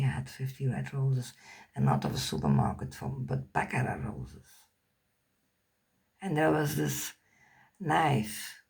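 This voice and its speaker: A woman's voice: very deep voice, gravelly, darkish tone, breathy edge. A woman whose first language is Dutch, telling a personal story in English in a candid, rambling way, swearing casually and searching for words.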